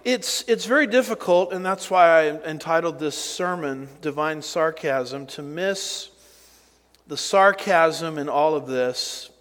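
Male pastor, sermon delivery, unhurried, emphatic, reverberant hall. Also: fairly high pitch, expressive, fairly bright tone. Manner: slow, deliberate preaching with emphatic rises and asides.

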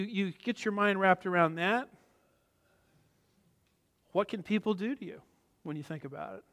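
A high-voiced man preaching with emphatic, punchy stresses that drop into quiet asides. His voice rings out with a long reverb tail, as in a large hall. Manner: emphatic, swings between loud stresses and soft asides. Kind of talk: expository sermon.

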